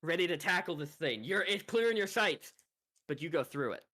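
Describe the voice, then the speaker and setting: A man runs a tabletop game with a playful, bright voice. His pitch swings widely as he narrates. He sounds like he is speaking into a desk mic on voice chat. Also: animated, fairly quick. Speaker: game master.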